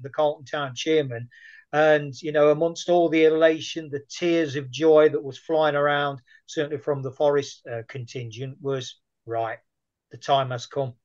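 A man's voice: fairly high pitch, moderate pace. A man telling anecdotes in a casual conversation, chatty and rambling. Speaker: guest. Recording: muffled lo-fi audio.

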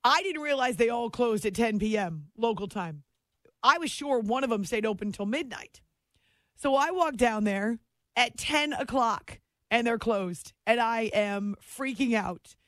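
A woman hosting a late-night sports radio show, telling a story in a lively, chatty way with frequent laughs, in a station studio. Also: fairly high pitch, measured pace, no echo.

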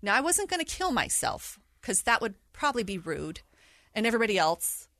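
A middle-aged woman telling a personal story in an interview, animated and laughing through hard memories. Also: fairly high pitch, a little fast, no echo. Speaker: guest sharing her story. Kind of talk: candid interview conversation.

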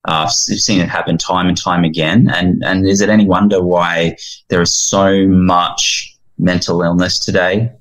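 Earnest low-voiced man telling stories. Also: normal speed, poor audio. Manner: heartfelt, animated when retelling, with many restarts. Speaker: guest, founder of a fathers' ministry. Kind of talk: earnest interview storytelling.

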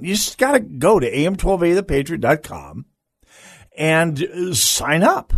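A man hosting a political talk radio show, emphatic and quick to restart his sentences. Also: a little high, no room sound, clean studio sound. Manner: animated, emphatic, frequent restarts. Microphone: studio microphone.

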